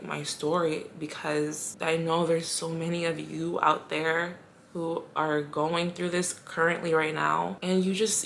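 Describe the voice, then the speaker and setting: A young woman telling her personal story in a vlog, emotional and halting, pausing often to steady herself. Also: on the low side, creaky, slight background noise. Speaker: vlogger.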